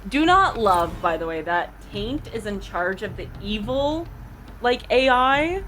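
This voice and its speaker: A woman's voice: on the high side, big pitch swings, unhurried, a bit bright, a little hiss or hum. A woman streamer in casual, giggly chat with her viewers.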